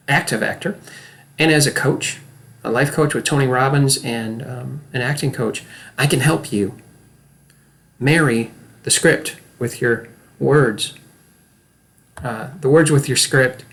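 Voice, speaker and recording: Speaking at a medium pitch, a middle-aged man who coaches actors teaches a lesson straight to camera. He is earnest and emphatic and keeps checking in with whoever is watching.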